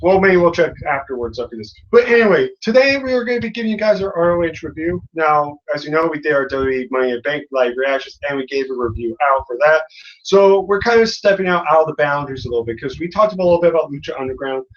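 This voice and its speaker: A man's voice: on the high side, animated, fast talker, muffled recording. A man hosting a casual review chat, rambling with many fillers. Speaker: host.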